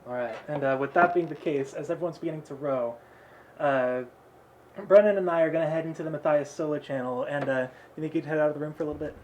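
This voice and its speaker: A man narrating a tabletop game as game master, relaxed and laughing often, with many fillers. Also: a little high, fast, background noise.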